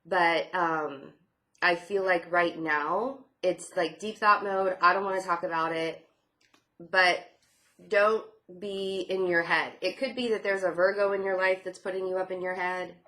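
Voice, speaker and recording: Young female tarot reader, casual and chatty with a sarcastic edge, slightly low voice. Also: fairly even intonation, a little slow, pushed and bright. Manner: chatty and sarcastic, many fillers and laughs.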